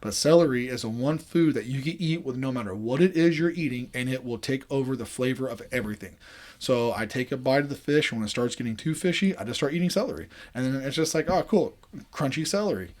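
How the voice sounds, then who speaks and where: A man's voice: medium pitch, lively intonation, fast, a little mellow. A man from the American South with a Southern accent, hosting a casual podcast chat in a rambling, laid-back way. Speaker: podcast host.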